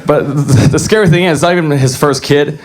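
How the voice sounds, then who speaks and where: A young man doing a deadpan, self-deprecating stand-up comedy set on a club stage. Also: a little high, a little fast, background noise.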